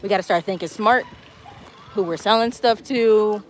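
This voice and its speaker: A chatty travel vlog host reads viewer comments aloud on a casual live stream while walking outdoors on a walking tour. She speaks at a moderate pace in a medium-pitched voice. The noisy outdoor audio comes from a handheld phone camera.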